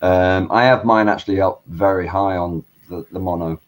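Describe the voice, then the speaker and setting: A man on a video call, calmly explaining practical technical tips. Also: low voice, moderate pace. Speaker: guest. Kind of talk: casual video call chat.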